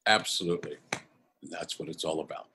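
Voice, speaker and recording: A man's voice: sits low, quick pace, pushed and bright, a little hiss or hum. A man co-hosting an online conference in casual chat, eager and encouraging, affirming what the host says.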